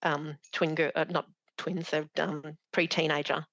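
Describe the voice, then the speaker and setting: A middle-aged woman with a low, gravelly voice. She talks as a podcast guest and keeps breaking off and restarting her sentences. The sound is dry and close. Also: little pitch movement, fairly bright tone, no echo, lo-fi sound. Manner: halting, with many restarts and fillers. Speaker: charity founder, guest. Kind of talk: conversational podcast interview.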